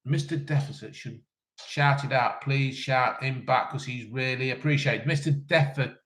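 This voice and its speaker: A man's voice: medium pitch, normal speed, a bit bright, reverberant. Blunt, sweary man in his fifties. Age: 50s. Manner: blunt, sweary, cheeky banter. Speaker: live-stream host reading chat questions. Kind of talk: casual live chat.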